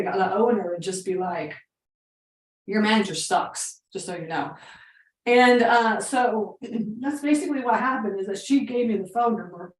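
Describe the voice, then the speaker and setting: A woman's voice: mid-range voice, reverberant, recorded from a distance, low-quality recording. A woman coaching on real estate investing, telling a story in a chatty, casual way full of fillers and quoted dialogue.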